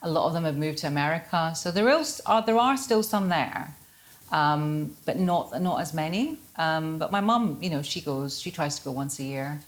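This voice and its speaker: A woman's voice: sits low, lively intonation, normal speed. A middle-aged Scottish woman, an author speaking at a live book festival in a chatty, self-deprecating way, laughing often. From Scotland. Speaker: author guest. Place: festival venue before an audience.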